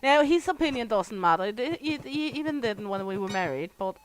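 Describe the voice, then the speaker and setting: Danish-accented woman streamer, slightly high, clear voice, chatty and profane. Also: lively intonation, a little fast, no echo, poor audio. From Denmark. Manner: chatty, swears freely, laughs often, talks to chat. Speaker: game streamer. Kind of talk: casual live-stream chat while playing.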